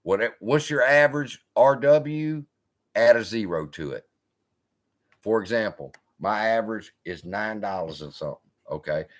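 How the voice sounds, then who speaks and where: A man's voice: on the low side, normal speed. Guy cussing his way through a live stock stream, voice bouncing up and down a lot. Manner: profane, blunt, animated storytelling. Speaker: investing channel host.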